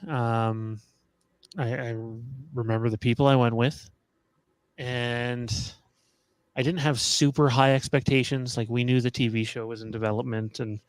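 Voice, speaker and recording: A man on a casual podcast panel, talking in halting bursts with many fillers and restarts. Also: mid-range voice, no room sound, rough recording.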